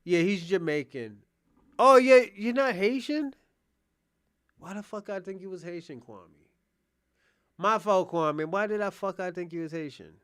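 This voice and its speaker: A man doing casual live reaction commentary, animated, loose and profane as he talks to his chat. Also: high voice, measured pace, long pauses, clean tone. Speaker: streamer reacting to a debate.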